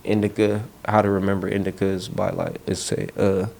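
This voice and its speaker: A man's voice: low voice, a little fast, vocal fry. A young man from Los Angeles, a rapper, telling slangy rambling stories in a casual interview. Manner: slangy, rambling, animated street storytelling.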